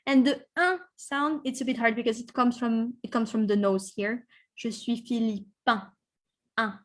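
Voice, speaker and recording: A woman teaching an online class, encouraging students and modelling pronunciation slowly. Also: a little high, lively intonation. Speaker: French teacher.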